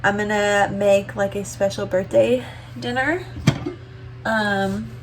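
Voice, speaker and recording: A woman's voice: mid-range voice, steady tone, slow pace, slight background noise. Chatty woman in her twenties. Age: 20s. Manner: chatty, filler-heavy, emotional storytelling. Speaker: vlogger. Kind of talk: casual vlog chat. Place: home kitchen. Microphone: camera on tripod.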